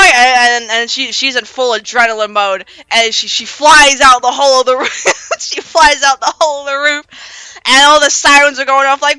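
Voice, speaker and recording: A woman streamer rambles through a story with lots of restarts, jumping into the characters' lines as she goes. Her voice is bright and smooth and a little high. It sits close and dry on her desk mic, with faint pop music playing underneath. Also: moderate pace, no room sound.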